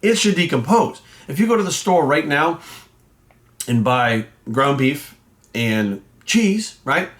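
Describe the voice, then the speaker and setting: A man's voice: on the high side, big pitch swings, takes it slowly, fairly bright tone. Indignant, foul-mouthed man with a raised voice. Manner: blunt, indignant, swears constantly. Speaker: fitness trainer and coach. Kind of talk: profanity-laced casual rant.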